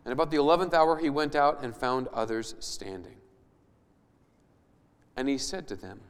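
A man's voice: mid-range voice, steady tone, normal speed, pauses often, smooth. A male pastor preaching a sermon, reading scripture aloud and then explaining it conversationally with emphatic rising questions. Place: church hall. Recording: long hall reverb.

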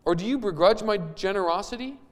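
A man preaches to his congregation, reading scripture and then unpacking it in a chatty, questioning way. His voice sits a little high. The sound rings out with the long reverb of a church hall. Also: expressive, a little fast. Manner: reads scripture aloud then explains it conversationally, with rising emphatic questions. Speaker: pastor. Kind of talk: sermon.

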